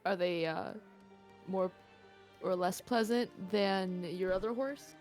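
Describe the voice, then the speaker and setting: Woman, tabletop player, questioning tone, mid pitch, light music. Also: takes it slowly, darkish tone. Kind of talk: in-character tabletop role-play.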